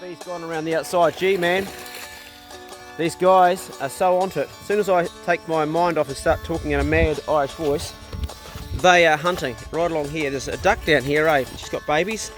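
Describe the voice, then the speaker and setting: A man's voice: a little high, fairly even intonation, normal speed, soft background music. Chatty New man on a farm. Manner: chatty, offhand, talks to his dogs. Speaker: farm vlogger. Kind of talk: casual narration while walking. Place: outdoors on a farm by a pond. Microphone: handheld phone.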